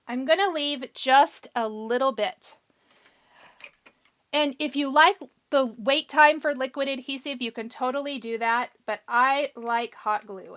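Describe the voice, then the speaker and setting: A woman hosting a live craft tutorial, chatty and encouraging, talking through each step and answering viewers' comments, her voice a little hoarse. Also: high-pitched, a bit bright. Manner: chatty, encouraging, thinks aloud while working. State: a bit hoarse. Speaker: craft show host.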